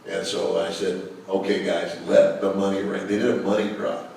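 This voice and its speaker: Deep-voiced older man telling stories in an echoey hall. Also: little pitch movement, moderate pace, vocal fry, a little mellow, slight background noise. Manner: chatty anecdotal storyteller, many fillers. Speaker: guest speaker. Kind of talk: storytelling to a live audience. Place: large hall with a live audience. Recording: echoey hall, mic from far off.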